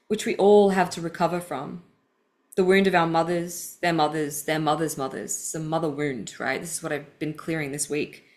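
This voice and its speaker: A woman podcast host reading aloud from her own book with personal asides, earnest and vulnerable, her voice welling with grief. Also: fairly low pitch.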